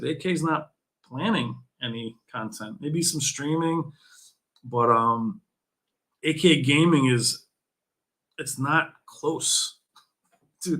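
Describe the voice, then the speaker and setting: A young man hosts a loose livestream chat with a bright, slightly high voice. He is excitable and jokey, laughs easily and throws playful challenges at his chat. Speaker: livestream host.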